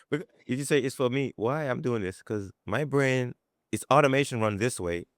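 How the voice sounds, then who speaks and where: A man's voice: mid-range voice, expressive, unhurried, no echo, clean studio sound. A man hosting a podcast interview, reflecting aloud and repeating words as he builds a point. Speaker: podcast host. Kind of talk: casual interview.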